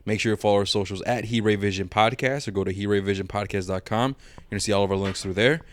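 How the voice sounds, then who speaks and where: A man's voice: fairly low pitch, quick pace, slight background noise. A young man hosting a casual podcast, laid-back and slangy, reading through plugs and calling his listeners "guys". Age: young adult. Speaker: podcast host.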